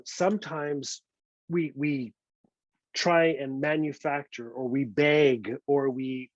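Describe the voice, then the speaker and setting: A man's voice: fairly high pitch, no room sound. A man telling a personal story at a literary talk, earnest and prone to repeating words as he restarts. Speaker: author speaking at a literary event. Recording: dull, slightly lo-fi dry sound.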